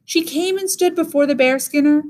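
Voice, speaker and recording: Woman teacher narrating a fairy tale, slightly high voice, measured pace. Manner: measured, expressive. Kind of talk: reading a story aloud.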